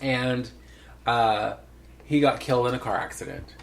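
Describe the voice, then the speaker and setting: A man in his sixties hosting a casual podcast chat, telling stories with animated asides. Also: mid-range voice, measured pace, vocal fry, slight background noise. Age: 60s. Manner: chatty, storytelling, animated asides. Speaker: podcast host.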